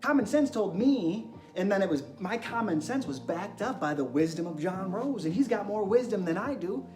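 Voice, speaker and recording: A young man with a fairly high voice hosts an energetic wellness monologue, throwing excitable rhetorical questions at his viewers. His voice bounces around an echoey room. Music plays clearly behind him. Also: moderate pace. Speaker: host.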